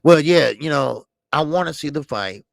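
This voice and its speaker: A man's voice: a little high, expressive, normal speed, creaky, no echo. A man hosting a boxing call-in show, talking casually and animatedly, rambling with many restarts.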